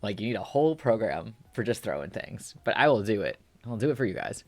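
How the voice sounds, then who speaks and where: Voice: mid-range voice, very animated, quick pace, darkish tone, no room sound, faint music behind. 抑揚豊かにしゃべる配信者。気さくで、言い直しが多く、自分に笑いながらとりとめなく話す。デスクマイクで近く乾いた音。. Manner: rambling, self-deprecating, giggly. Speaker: streamer. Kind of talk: casual stream chat.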